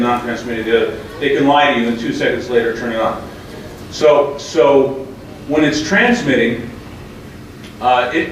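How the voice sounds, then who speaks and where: A man giving an emphatic, argumentative talk to a live audience in a meeting room. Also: mid-range voice. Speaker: public speaker. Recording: echoey hall, mic far off, faint noise.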